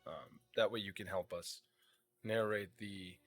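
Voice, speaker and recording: A man's voice: on the low side, fairly even intonation, unhurried, a bit bright. A man narrating as dungeon master, casual and loose, swearing at times. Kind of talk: narrating a tabletop game.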